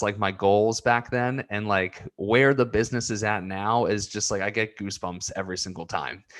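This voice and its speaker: A man's voice: lowish voice, a bit bright. A man in his twenties rambling earnestly in a personal vlog, getting emotional as he talks. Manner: emotional, earnest, repeats himself. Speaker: vlogger.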